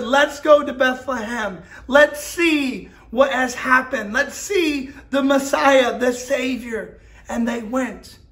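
A man with a strikingly high voice teaches a children's church lesson. He speaks straight to the kids with energy, guiding them step by step through a craft while telling the story. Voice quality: energetic, talking directly to children.

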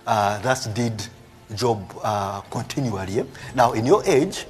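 The prophet's voice is on the low side and unhurried, with faint music behind him as he preaches live. Reading scripture aloud, he explains it animatedly, tossing in frequent "eh?" tags and laughs.

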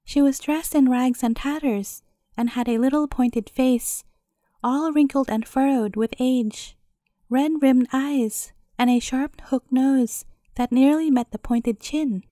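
High-voiced woman reading a bedtime story. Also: slow, dark tone, no echo, clean studio sound.

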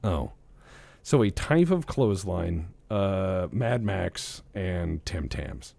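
A man with a lowish voice talks on a gaming stream in loose, rambling bursts. His pitch swings widely as he jokes and trips over his own sentences. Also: sing-song, slow, gravelly, dark tone, dry recording. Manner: rambling, joking, swears freely, lots of restarts. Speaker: streamer host. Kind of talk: casual gaming chat.

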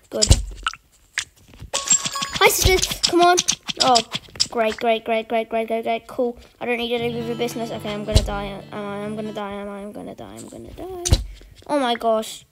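A woman giving casual, excitable commentary while playing an online game, chatty and eager. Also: on the high side, background noise. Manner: chatty and excitable, urging opponents on. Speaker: gaming channel host.

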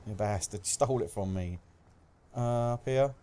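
A young man commentating live gameplay, swearing often and yelling at kills and deaths, with a slight cough. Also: lowish voice, normal speed, a little hiss or hum. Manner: excitable, swears a lot, shouts at game events. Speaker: gaming commentator.

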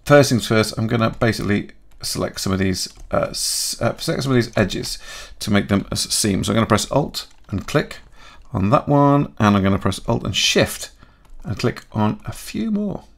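A man talking through a software tutorial in a chatty way, thinking aloud and correcting himself as he goes. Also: fairly low pitch, expressive, moderate pace, gravelly, hardly any pauses. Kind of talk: screen-recorded software tutorial.

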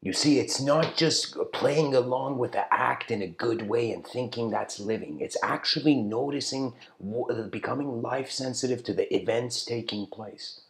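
A man giving a casual spiritual lecture, rambling, with frequent "you know"s and throat-clearing. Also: medium pitch, normal speed, few pauses.

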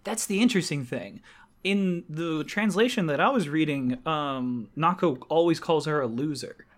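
A man's voice: a little high, moderate pace. A young man co-hosting a podcast in casual chat, enthusiastic, laughing often and swearing casually. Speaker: podcast co-host.

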